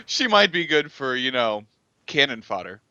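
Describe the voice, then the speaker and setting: Bright-voiced young man joking at a game table. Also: mid-range voice, very animated, moderate pace, smooth, no echo, lo-fi sound. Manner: joking, laid-back banter. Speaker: player. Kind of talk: casual chat at a game table.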